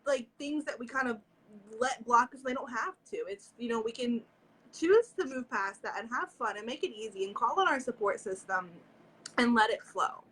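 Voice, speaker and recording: Female astrologer co-host, husky edge to a high voice, supportive and affirming. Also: a bit bright, low-quality recording. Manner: encouraging listener, frequent affirming murmurs. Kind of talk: casual chat.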